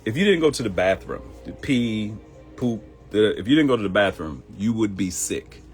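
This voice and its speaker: A man's voice: lowish voice, lively intonation, moderate pace, soft background music. A man hosting a live morning show, giving advice in a conversational, joking way. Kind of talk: casual livestream monologue.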